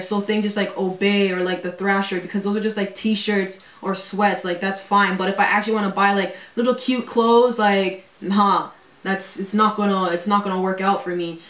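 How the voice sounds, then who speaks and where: A woman in her twenties is casually vlogging at home, her medium-pitched voice captured from a distance with roomy echo. She talks in slang, throws in quick asides, and fills her speech with "like" and "yo".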